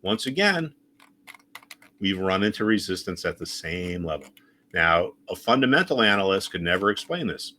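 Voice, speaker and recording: A man's voice: low voice, sing-song, normal speed, bright, forceful tone. A man teaching a chart lesson on a screen share, speaking emphatically and repeating his key points. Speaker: trading educator.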